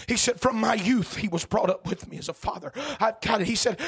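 A man preaching a sermon with impassioned delivery, dropping to hushed tones and building to shouts. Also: high voice, fast, husky.

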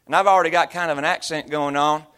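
Male pastor, 30s-40s, high-pitched voice; conversational sermon full of anecdotes and mimicry. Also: steady tone, quick pace, pushed and bright, clear, resonant tone. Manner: storytelling, slipping into imitated voices and accents.

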